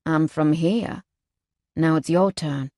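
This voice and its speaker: A woman voicing a cocky, flirtatious male biker who teases with a slow drawl. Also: low-pitched, dark tone, dry recording, studio quality. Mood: teasing. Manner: teasing drawl, calls her sugar.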